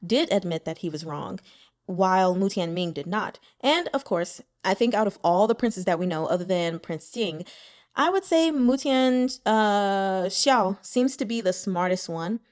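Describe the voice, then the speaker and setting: A woman's voice: mid-range voice, lively intonation, a little slow. A woman audiobook reader giving casual commentary on the chapters she has read, chatty and playful, laughing often and speaking directly to the characters. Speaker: web novel audiobook reader.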